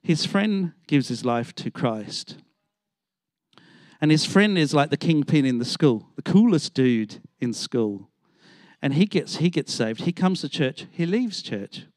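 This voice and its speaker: A man's voice: fairly high pitch, sing-song, unhurried, a little mellow, no room sound, clean studio sound. A middle-aged man, preaching a storytelling sermon and acting out the voices of the people in his stories. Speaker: pastor.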